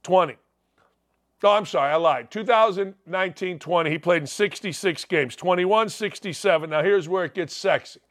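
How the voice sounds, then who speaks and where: A man's voice: sits high, moderate pace. An older man hosting a sports talk show, delivering a brash, sarcastic, opinionated monologue with big swings in his voice.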